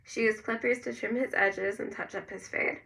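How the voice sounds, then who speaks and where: A woman narrating a first-person novel in a gentle storytelling manner. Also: on the high side, fairly even intonation, normal speed, gravelly, distant mic, rough recording. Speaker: audiobook narrator.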